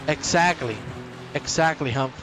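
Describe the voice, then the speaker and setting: A man's voice: on the high side, measured pace, over music. Upbeat, joking sim racing commentator man. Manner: energetic, joking banter with co-host. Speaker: race commentator.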